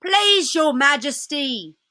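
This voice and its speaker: A woman's voice: extremely high pitch, lively intonation, a little slow, pushed and bright, dry recording, clean studio sound, pitched above the performer's own voice, heavily acted. A woman voicing an old male fox who speaks politely and stammers with fear. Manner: stammering, deferential.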